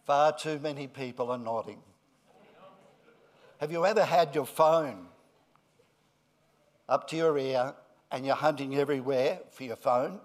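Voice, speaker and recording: A middle-aged male pastor giving a friendly children's talk, then a deliberate sermon. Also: mid-range voice.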